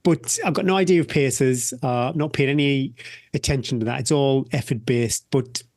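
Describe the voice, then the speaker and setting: A man's voice: medium pitch, moderate pace, a little mellow, no room sound, clean studio sound. A man hosting a podcast in casual chat, plain-spoken and reflective, often repeating words as he searches for them. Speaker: podcast host.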